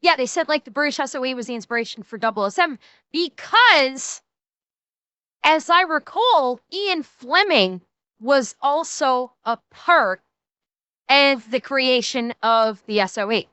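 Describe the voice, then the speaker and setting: A woman's voice: sits high, lively intonation, unhurried, bright, forceful tone, clear, resonant tone, no room sound. A woman streamer reacting to a video on a live stream, joking, swearing freely and laughing often. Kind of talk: casual live-stream commentary.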